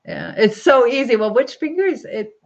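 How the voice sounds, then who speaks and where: A woman's voice: on the high side, sing-song, normal speed, creaky, highs cut off. Chatty woman hosting a livestream. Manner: chatty, upbeat, laughs often, many fillers. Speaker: livestream host. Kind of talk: casual live chat reading comments. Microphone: phone or webcam livestream.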